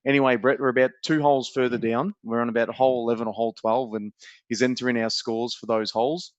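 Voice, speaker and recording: A man's voice: medium pitch, flat delivery, fast, dry recording. An Australian man co-hosting a podcast, telling a teasing story in casual banter and swearing freely. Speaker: podcast co-host. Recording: dry, dull lo-fi sound.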